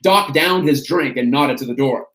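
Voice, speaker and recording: A man's voice: medium pitch, normal speed. Man reading a memoir aloud in an echoey room. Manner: steady, storytelling read. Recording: roomy echo.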